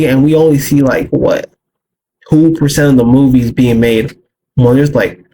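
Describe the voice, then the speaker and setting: A man's voice: mid-range voice, darkish tone, a little hiss or hum, rough recording. A tired young man from Canada chatting casually in a laid-back, rambling way while reacting to a video.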